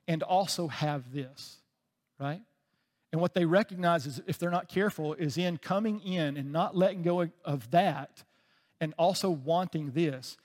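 Emotional pastor preaching in a hall. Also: male voice, fairly high pitch. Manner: storytelling, emotional, dropping to soft tones. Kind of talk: sermon. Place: church sanctuary.

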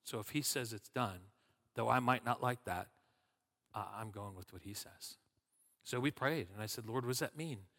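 A man preaching a sermon, telling stories in a lively way and acting out what people said. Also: medium pitch, normal speed. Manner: animated storytelling with acted-out quotes. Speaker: pastor. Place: church sanctuary. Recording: long reverb of a church hall.

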